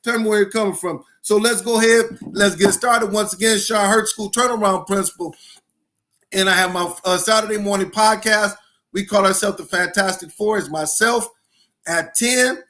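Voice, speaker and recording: A middle-aged man who is a school principal, hosting a live-streamed educational podcast. He is energetic and hyped, repeats phrases for emphasis and greets viewers one by one by name. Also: sits high, moderate pace.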